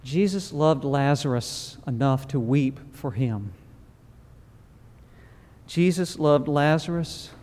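A man preaching a funeral sermon in a church, solemn and measured, with slow pauses. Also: fairly high pitch, mellow. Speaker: pastor. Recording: long reverb of a large hall.

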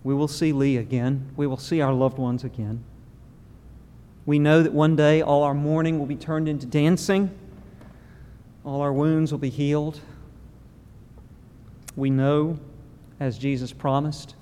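Man, pastor, solemn measured preaching, mellow voice, long hall reverb. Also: on the high side, fairly even intonation. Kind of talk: funeral sermon.

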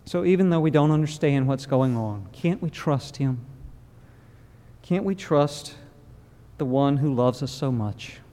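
A man's voice: medium pitch, expressive, warm tone. Solemn male preacher in echoing hall. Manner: solemn, measured preaching with slow pauses. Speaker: pastor. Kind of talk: funeral sermon. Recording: long reverb of a large hall.

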